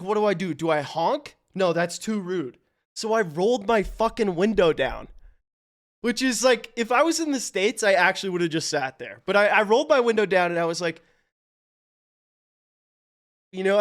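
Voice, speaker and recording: A man livestreaming, telling stories and chatting casually with his viewers, animated and loose with swearing. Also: sits high. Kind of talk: casual chat with stream viewers.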